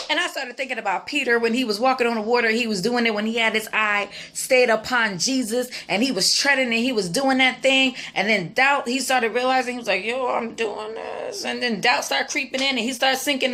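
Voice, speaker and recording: A woman in her thirties vlogging, telling a personal story in a chatty, animated way that turns preachy and motivational. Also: on the high side.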